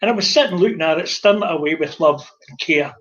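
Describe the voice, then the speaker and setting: Lively older Scottish man telling stories. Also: fairly high pitch, quick pace, lo-fi sound. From Scotland. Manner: animated anecdotal storyteller, acts out dialogue. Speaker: guest, former publican. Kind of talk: casual chat storytelling.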